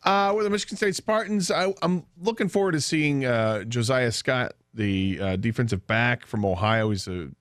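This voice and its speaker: A man's voice: mid-range voice, animated, moderate pace, few pauses, fairly bright tone, dry recording, studio quality. A man co-hosting a sports radio show, chatting casually and telling a story with laughs.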